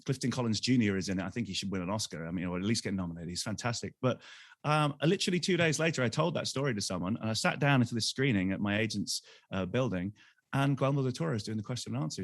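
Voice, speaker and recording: A man co-hosting a podcast, telling lively anecdotes in casual chat and acting out the people he quotes. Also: medium pitch, no room sound, clean studio sound. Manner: animated anecdotes, acts out quoted voices. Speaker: podcast co-host.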